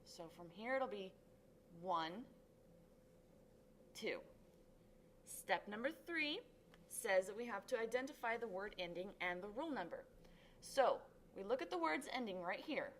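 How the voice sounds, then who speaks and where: A woman's voice: medium pitch, animated, measured pace, long pauses. Woman tutor walking thru a lesson, upbeat, drags out syllables big for emphasis, bit of faint hiss. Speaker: Spanish tutor. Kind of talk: classroom lesson.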